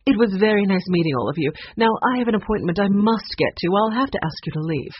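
A guarded woman of about fifty talks in a brisk, clipped, cold manner, as a narrator puts her on. The voice has a husky edge and lively pitch. The recording is dull and lo-fi. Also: no room sound.

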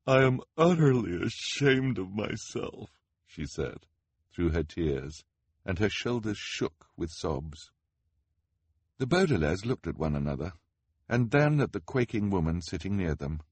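A man narrating a storybook audiobook in a wry, expressive manner with a husky voice. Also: deep voice, dry recording.

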